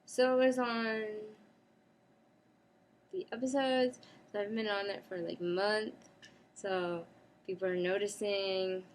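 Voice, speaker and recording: A woman's voice: mid-range voice, fairly even intonation, slow, long pauses. A woman chatting casually in a rambling home vlog, breaking off now and then to talk to her pet. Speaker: cosplay vlogger. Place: home apartment.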